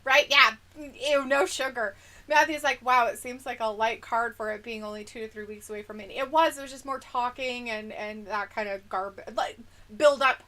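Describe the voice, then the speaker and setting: A woman's voice: on the high side, moderate pace, pushed and bright. A woman hosting a casual livestream, reading viewer comments aloud in a giggly, playful way. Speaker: livestream host reading chat. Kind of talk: casual chat.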